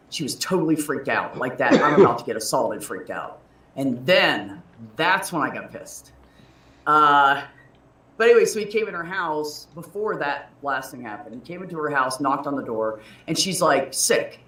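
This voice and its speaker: A woman's voice: low-pitched, a bit bright, recorded from a distance. A woman in her thirties hosting a casual livestream chat, telling a story in a profane, heated way. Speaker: livestream host. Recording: roomy echo.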